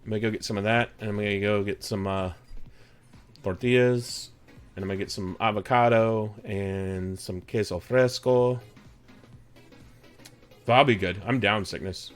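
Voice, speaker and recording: His fairly low voice holds a steady tone at normal speed, broken by long pauses, and carries a Texan accent. Over background music on his live stream, he rambles, jokes and chats with viewers by name.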